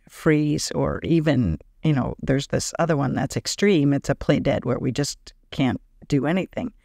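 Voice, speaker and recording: A woman talking casually on her podcast as an energy healer, animated and laughing often, acting out quoted thoughts in a higher voice. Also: creaky, no room sound, studio quality. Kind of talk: casual spoken podcast monologue.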